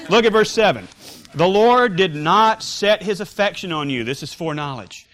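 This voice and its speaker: A man's voice: high voice, animated, moderate pace, a bit bright. A man teaching a Sunday school Bible class, emphatic and joking with his students as they discuss scripture.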